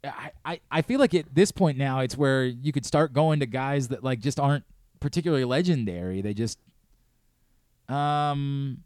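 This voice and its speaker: A man's voice: mid-range voice, normal speed, darkish tone, no echo, clean studio sound. Man fumbling through names on sports radio. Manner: fumbling, self-deprecating, searching for names aloud. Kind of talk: casual sports talk quiz. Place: radio studio.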